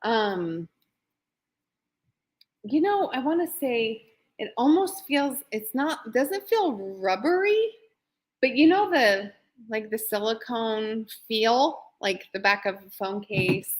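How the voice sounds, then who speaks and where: A woman's voice: a little high, lively intonation, slow. A woman who owns a small shop, presenting new products on a live shopping stream in a bubbly, gushing, chatty way.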